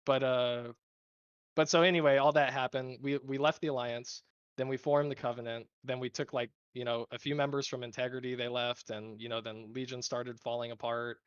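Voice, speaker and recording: A man talks loosely about his gaming guild, rambling and cursing and acting out quoted arguments. His voice sits at an ordinary pitch. The sound is dull and lo-fi, with no room echo at all. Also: moderate pace, clear, resonant tone. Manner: rambling, swears freely, quotes others in animated bursts. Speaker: guild leader. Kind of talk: casual interview answers.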